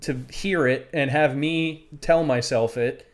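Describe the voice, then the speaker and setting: A man's voice: mid-range voice, takes it slowly. A young man co-hosting a podcast, talking casually with heavy swearing and calling his friend dude, self-critical about his work. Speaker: podcast co-host. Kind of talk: casual chat.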